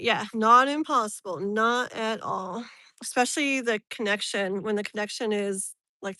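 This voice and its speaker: A woman's voice: medium pitch, sharp tone, no echo. A woman reading tarot on a live stream, chatting casually with viewers, laughing often and greeting them by name. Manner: rambling, filler-heavy.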